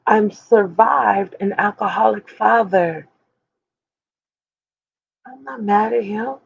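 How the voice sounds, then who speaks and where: A woman's voice: mid-range voice, slow pace, creaky, breathy edge, dull audio. A woman of forty talking candidly and emphatically to her viewers, speaking straight to them like a preacher. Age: 40s. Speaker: host. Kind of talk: candid personal talk to viewers.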